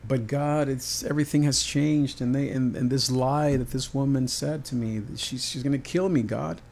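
A man's voice: mid-range voice, fairly even intonation, moderate pace, creaky, darkish tone, pitched above the performer's own voice. A man voicing a despairing prophet who cries out to God in pleading anguish. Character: despairing male prophet crying out.

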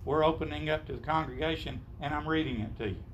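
A man's voice: fairly high pitch, fast talker, dull audio, slight background noise. A man preaching a sermon to his congregation, emphatic, asking rhetorical questions and quoting scripture.

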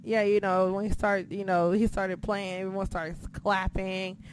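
A woman's voice: medium pitch, little pitch movement, normal speed, crowd noise. A woman hosting a casual chat, talking loosely, swearing often and leaning on "you know". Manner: chatty, swears a lot, fills with "you know". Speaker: podcast host.

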